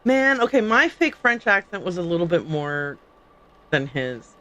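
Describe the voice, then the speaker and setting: A woman's voice: lowish voice, sing-song, measured pace, fairly bright tone, highs cut off. A middle-aged woman streaming a story game, chatting playfully and laughing as she tells stories. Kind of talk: casual livestream commentary.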